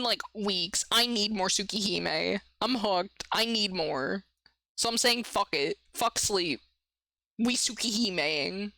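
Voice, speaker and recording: Bright-voiced woman streamer, swearing and giggling. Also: mid-range voice, vocal fry, no room sound, low-quality recording. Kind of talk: casual let's-play chat and reading game text.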